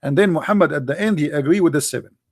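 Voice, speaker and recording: High-voiced sarcastic man. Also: rapid-fire, a little mellow. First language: Arabic. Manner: sarcastic, emphatic rhetorical questions. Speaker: religious critic. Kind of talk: polemical monologue.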